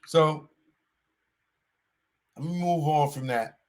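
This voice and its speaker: A man hosting a show, giving a casual commentary monologue in animated street talk and repeating his warnings. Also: a little high, slow pace. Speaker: show host.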